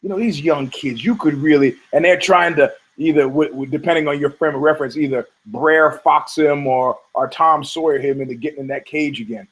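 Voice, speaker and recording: Rambling, profane man with a higher voice. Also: brisk, hardly any pauses, poor audio. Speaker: podcast host. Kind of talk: casual rant.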